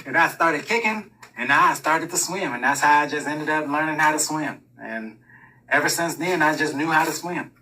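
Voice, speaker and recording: A man's voice: on the high side, normal speed, pushed and bright, distant mic, low-quality recording. A man telling a personal story in a casual, rambling monologue, full of swearing. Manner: profane, rambling, laughs through his own story.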